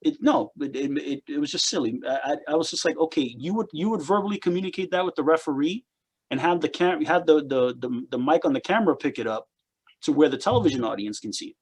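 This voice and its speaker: Rambling man with a higher voice. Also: expressive, fast talker, husky. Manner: rambling, repeats words, critiquing. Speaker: podcast co-host. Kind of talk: casual opinionated chat.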